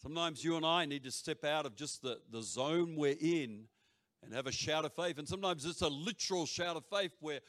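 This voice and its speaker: A man preaching a sermon to a congregation, swinging between loud shouts and quiet near-whispers, with joking asides. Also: fairly high pitch, brisk. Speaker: pastor. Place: church hall before a congregation. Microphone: handheld or stage mic.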